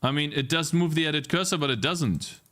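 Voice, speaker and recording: Streaming his game development live, a man reads chat messages aloud and answers them, ranting in exasperation and swearing a lot. His voice is high, brisk, pushed and bright, and his tone stays casual.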